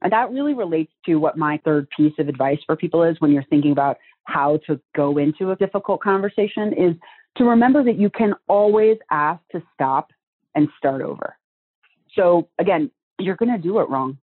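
A woman's voice: low voice, animated, a little fast, husky. A woman speaking as a guest on a podcast, earnest and reflective, explaining advice with everyday images. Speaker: guest, communication trainer. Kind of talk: podcast conversation. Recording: tinny phone-like line.

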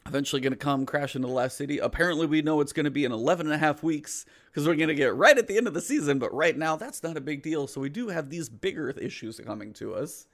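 A man's voice: a little high, lively intonation, quick pace, hardly any pauses. A middle-aged man co-hosting a casual gaming podcast, chatty and explaining at length. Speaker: podcast co-host.

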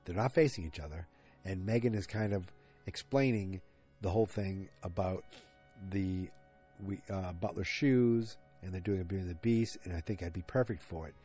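A man with a lowish voice talks through a TV episode in a loose, chatty way, drifting from point to point. Faint music sits quietly behind him. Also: moderate pace, slightly rough. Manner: chatty, digressive, self-aware. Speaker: podcast host recapping a TV episode. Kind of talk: casual chat.

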